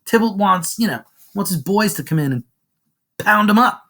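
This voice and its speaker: Animated man retelling a play, lively voice. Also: high-pitched, normal speed. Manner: animated and slangy, acts out lines. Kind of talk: casual explanatory retelling of a play.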